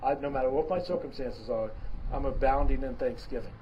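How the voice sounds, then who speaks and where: Man preaching a lively, emphatic sermon. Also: medium pitch, a little fast. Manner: emphatic preaching with big swings in loudness; conversational with fillers and restarts. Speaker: pastor. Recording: dull lo-fi sound with clear background noise.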